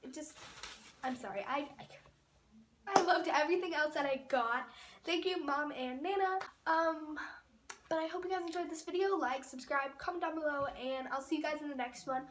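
A woman's voice: high voice, moderate pace. A teenage girl chatting casually through a haul video, gushing and rambling with lots of fillers. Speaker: vlogger. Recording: roomy echo, off-mic, faint noise.

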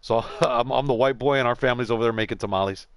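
A man's voice: mid-range voice, quick pace, clean tone, no echo. A man from San Antonio, streaming a game and telling rambling, profane stories in casual chat. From San Antonio, Texas. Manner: rambling storyteller, swears a lot.

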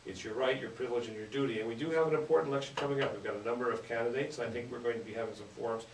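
Fast-talking radio host, roomy and distant. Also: male voice, medium pitch, steady tone. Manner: halting, many fillers and restarts. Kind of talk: local public radio interview wrap-up. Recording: roomy, distant mic with noticeable hiss.

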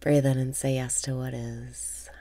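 A woman leading a guided meditation with calm breath cues, often dropping into a half whisper. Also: very deep voice, a little slow, no echo.

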